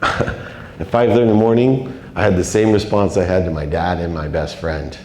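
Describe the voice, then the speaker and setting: A middle-aged man giving a confessional, emotional motivational speech on stage, with dramatic swings in loudness. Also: low-pitched, fairly even intonation, normal speed, a little hiss or hum. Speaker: keynote speaker. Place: large event hall. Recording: echoey hall with long reverb.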